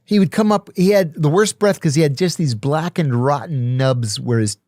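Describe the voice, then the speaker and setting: A man's voice: fairly high pitch, normal speed, no echo, clean studio sound. A middle-aged man, a podcast guest, telling stories in casual conversation and acting out the dialogue. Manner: animated storyteller, acts out dialogue. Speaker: podcast guest, former intelligence officer. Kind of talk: casual storytelling.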